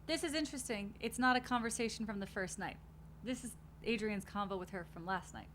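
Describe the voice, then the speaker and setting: Bright-voiced woman hosting a watch party. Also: medium pitch, a little fast, slight background noise. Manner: chatty, blunt, swears casually. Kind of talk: casual reaction commentary.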